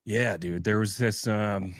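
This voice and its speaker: A man's voice: lowish voice, steady tone, unhurried, no room sound, clean studio sound. A man co-hosting a podcast in casual chat, a laid-back storyteller who acts out the people in his stories. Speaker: podcast co-host.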